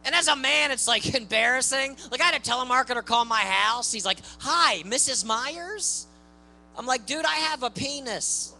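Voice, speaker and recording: A man with a high voice that gets mistaken for a woman's, doing a stand-up comedy set on a club stage with loud, ranting punchlines. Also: poor audio. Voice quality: high, boyish voice often taken for a woman's.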